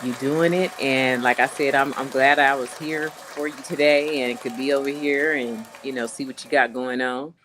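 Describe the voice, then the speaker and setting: Woman, stream guest, casual chat, chatty, quick to laugh. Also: extremely low pitch, fairly even intonation, fairly bright tone, slight background noise.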